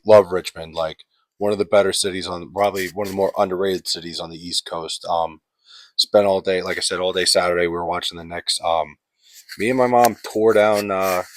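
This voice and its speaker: A man's voice: low voice, dry recording. A man telling a travel story in a casual, profane, exasperated way, rambling with lots of fillers. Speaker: podcast host.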